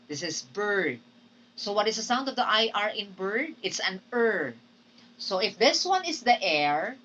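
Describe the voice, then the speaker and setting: A woman teacher giving a recorded phonetics lecture, speaking deliberately and often checking in with her students. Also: on the low side, sharp tone, recorded from a distance, a little hiss or hum, rough recording. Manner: slow, deliberate, checks in with "okay?". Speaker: English teacher.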